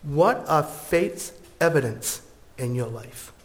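Casting: a male pastor with a slightly high voice, slow and earnest. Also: lively intonation. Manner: slow, earnest storytelling and prayer. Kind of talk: sermon.

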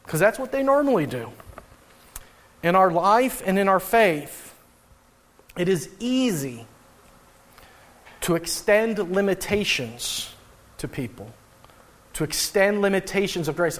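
A male pastor with a high, light voice preaches a sermon. He reads scripture aloud and then explains it in a conversational way, acting out the voices of the people in the story with an occasional chuckle. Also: expressive, unhurried.

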